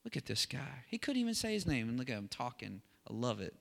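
A man preaching a sermon as a pastor, talking with rising animated excitement. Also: medium pitch, quick pace, creaky. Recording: long hall reverb.

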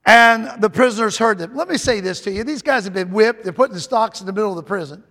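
A man's voice: sits high, fast talker, fairly bright tone. A man preaching a sermon in a fervent, emphatic way, repeating phrases as he builds. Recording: long hall reverb.

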